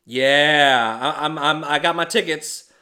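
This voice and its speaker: A man co-hosting a casual podcast, telling stories in an animated, heavily profane way. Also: fairly high pitch, unhurried, a crowd in the background. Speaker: podcast co-host.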